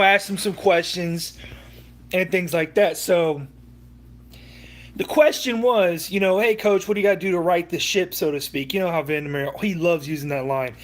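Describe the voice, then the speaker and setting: A young man hosting a sports livestream, ranting heatedly and profanely with many restarts. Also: high-pitched. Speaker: livestream host.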